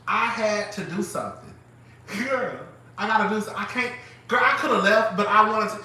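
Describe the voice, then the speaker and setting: High, bright-voiced dramatic man. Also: a little fast. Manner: animated, dramatic, laughs often, calls listeners girl. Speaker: live-stream host. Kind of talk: casual gossip chat. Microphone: phone. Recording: very echoey room, mic far off, faint noise.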